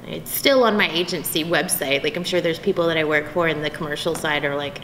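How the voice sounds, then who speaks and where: Bubbly woman in an echoey convention room. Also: low-pitched. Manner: bubbly, animated storytelling, quick vocal impressions. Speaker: voice actress interviewee. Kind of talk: convention interview chat. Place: convention venue. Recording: echoey convention room, faint background noise.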